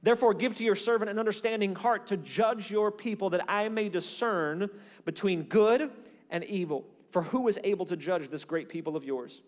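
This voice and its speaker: A man preaching with a high, light voice, reading scripture aloud and retelling its stories with lively acted-out voices. His voice rings with a long hall reverb. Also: moderate pace. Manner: animated storytelling, acts out voices in Bible stories. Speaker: pastor. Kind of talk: sermon.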